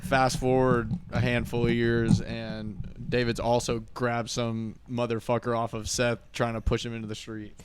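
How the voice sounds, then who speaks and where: A man's voice: medium pitch, flat delivery, normal speed, noisy background. A young man co-hosting a podcast, telling a story with wry humour and mocking the people he quotes. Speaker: podcast co-host. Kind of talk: casual chat.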